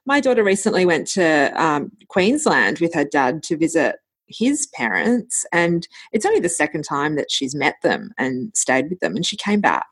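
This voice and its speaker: Husky woman, podcast host, lowish voice, chatty storytelling. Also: sing-song, moderate pace, few pauses. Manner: chatty storytelling, laughs often. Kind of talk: casual chat.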